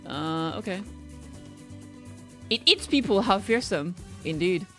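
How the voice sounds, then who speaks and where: A woman's voice: lowish voice, expressive, slow pace, sharp tone, faint music behind. A woman streamer casually commenting as she plays a game, in a playful, silly manner.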